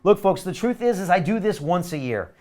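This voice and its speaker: Speaking fairly quickly, a middle-aged webinar host pushes his product hard in a live session. His energetic pitch keeps circling back to the same catchphrases.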